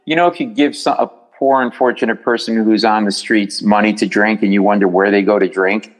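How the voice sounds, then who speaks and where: A middle-aged man, a comedian, telling stories as a podcast guest in a lively way and acting out the other people's voices. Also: fairly low pitch, quick pace, rough recording. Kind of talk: podcast storytelling.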